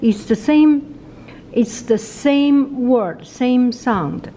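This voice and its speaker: Slow, mellow Chinese-accented woman teaching. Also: fairly high pitch, lively intonation, slight background noise, rough recording. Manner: repeats sounds many times, slow and patient. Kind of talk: casual video lesson.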